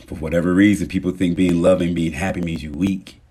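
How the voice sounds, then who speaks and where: A man hosting a casual motivational livestream, talking straight to his viewers and thanking them, swinging between loud emphasis and soft murmurs. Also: low voice, steady tone, brisk, breathy edge. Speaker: livestream host.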